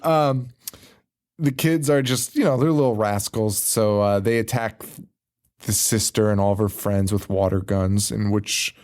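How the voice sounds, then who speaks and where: A man's voice: fairly low pitch, a little slow, a little mellow. A man co-hosting a horror podcast, rambling through a profane, laughing recap of a film and acting out its lines. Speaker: podcast co-host. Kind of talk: casual profane movie recap.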